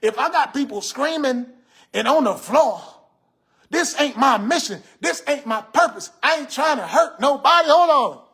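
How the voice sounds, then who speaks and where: A man's voice: very high voice, lively intonation, moderate pace, bright, forceful tone, heavily acted. A man playing a sassy, old-school, gray-haired uncle, scolding and joking with viewers on a livestream. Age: 50s. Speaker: livestream host reading comments. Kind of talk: comedic character livestream. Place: room in a house. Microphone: phone on a ring light.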